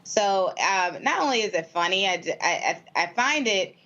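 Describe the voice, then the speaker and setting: An American woman panelist on a political talk show, speaking in a measured way with fillers and restarts. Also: mid-range voice, expressive, fairly bright tone, dull audio. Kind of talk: political discussion.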